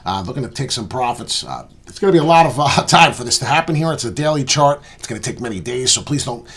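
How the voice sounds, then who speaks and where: A man with a slightly husky voice talks through trading charts in loose, rambling commentary. His pitch swings widely as he boasts about his calls. He sounds like a self-assured channel host. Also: animated, fast talker, a bit bright.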